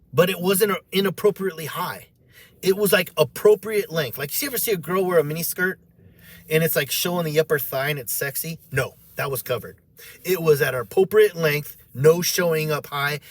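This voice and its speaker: Man, emotional testimony, animated, acts out voices, slightly high voice, dry close sound. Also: no echo. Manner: emotional, repeats himself. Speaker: storyteller.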